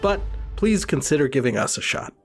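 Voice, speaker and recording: A man's voice: a little high, sing-song, a little fast, a bit bright, faint music behind. A man co-hosting a comedy podcast, reading a playful promo full of banter. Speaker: podcast co-host.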